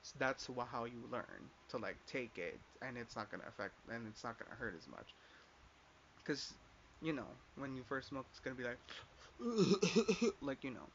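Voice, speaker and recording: A man's voice: medium pitch, sing-song, moderate pace. A young man telling a personal story in a casual rant, rambling with lots of filler and swearing as he quotes others. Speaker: podcast host. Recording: dull lo-fi sound with faint background noise.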